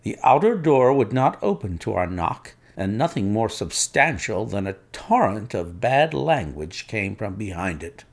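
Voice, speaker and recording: Gravelly-voiced man narrating a story. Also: on the low side, very animated, unhurried, hardly any pauses. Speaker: audiobook narrator. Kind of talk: scripted narration.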